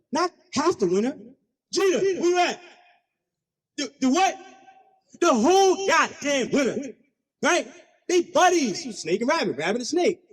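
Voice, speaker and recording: Brief: high-pitched man telling playful stories in a keynote, checking in with the room. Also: breathy edge, in a large hall. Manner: animated, call-and-response with audience; playful, slangy. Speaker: keynote speaker. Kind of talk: storytelling speech.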